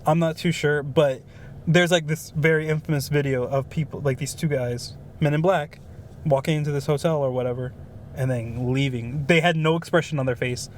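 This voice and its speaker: A man's voice: on the high side, steady tone, normal speed, slight background noise. A young man co-hosting a podcast, telling stories in a rambling, casual way with lots of fillers. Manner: rambling storyteller with many fillers. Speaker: podcast co-host. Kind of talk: casual chat.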